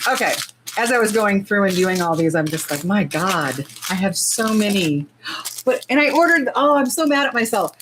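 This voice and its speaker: Indoors under lights, a woman with a lilt hosts a casual nail art livestream, chatty and bubbly, with many fillers and little asides as she gushes over tiny things. Her voice is mid-range, and there's background noise.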